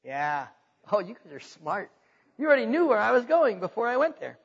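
A man's voice: high-pitched, big pitch swings, a little fast, gravelly, slightly rough, big-room sound, dull audio. A man, a pastor, preaching a sermon to his congregation in a conversational way, growing emphatic as he retells scripture.

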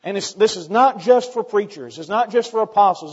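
A man preaching a sermon, emphatic and building to loud, repeated questions. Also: sits high, animated, fairly quick, few pauses, slightly rough. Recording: dull long hall reverb.

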